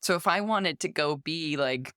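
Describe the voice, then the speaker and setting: A woman's voice: low-pitched, moderate pace, fairly bright tone, clear, resonant tone, no echo, clean studio sound. A woman in her thirties hosting a casual podcast interview, chatty and self-deprecating. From United States. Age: 30s. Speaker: podcast host.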